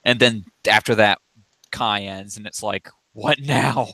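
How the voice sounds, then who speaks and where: A man chatting casually on a podcast, lively, laughing often and throwing in quick asides. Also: on the low side, no echo.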